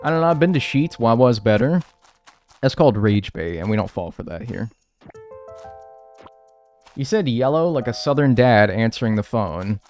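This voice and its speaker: While playing a game and reading chat, a twenty-something streamer talks casually and profanely to his audience, rambling and drifting into mumbles. His mid-range voice is expressive and darkish, at a moderate pace with frequent pauses, over soft background music.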